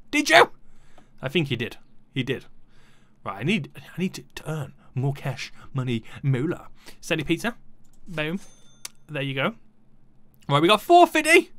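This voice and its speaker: A man's voice: sits high, bright, forceful tone, no echo. A young man giving playful, chatty commentary on his gameplay and talking to the game's customers. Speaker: gaming YouTuber.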